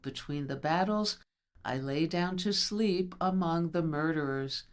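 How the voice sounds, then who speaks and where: A woman radio host reading a scripted introduction to the next segment in a measured, earnest way. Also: sits low.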